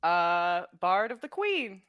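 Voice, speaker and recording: A woman's voice: lowish voice, sing-song, slow, highs cut off. A woman playing an overconfident male bard who speaks with grand, courteous politeness.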